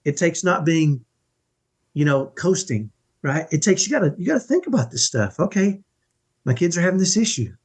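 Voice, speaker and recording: A man's voice: fairly high pitch, very animated, moderate pace, husky. A middle-aged man speaking as a podcast guest in an earnest, emphatic way, often checking in with "right?". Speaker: podcast guest, parenting coach. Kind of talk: conversational interview.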